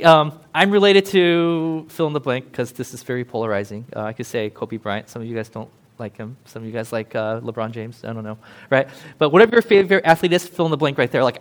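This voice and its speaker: A man's voice: mid-range voice, brisk, a bit bright. A man, a pastor, preaching a casual, chatty sermon, laughing often and acting out quoted voices.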